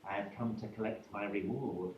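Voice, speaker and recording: A man telling a story voices an ugly old woman hag who bargains slyly, in a low hushed voice, recorded from a distance in an echoey room. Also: steady tone, normal speed, highs cut off, lightly acted.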